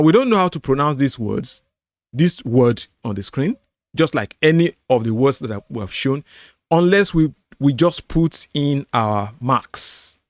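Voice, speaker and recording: A middle-aged Nigerian man with a Yoruba accent hosts a screen-share language lesson, explaining slowly, repeating words and singing tone syllables. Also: on the high side, no echo, studio quality. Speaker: apologetics channel host.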